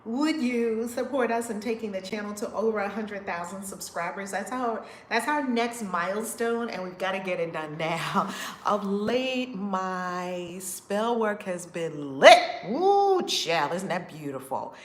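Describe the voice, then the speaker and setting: A woman hosting a casual livestream, greeting viewers by name in an effusive way, with big swoops in pitch and loudness. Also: unhurried, roomy sound, slight background noise. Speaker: livestream host.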